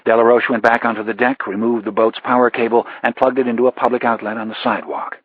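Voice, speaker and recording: Brief: measured male audiobook narrator, husky tone, dry dull sound. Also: medium pitch, fairly even intonation, dry recording. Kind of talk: scripted narration.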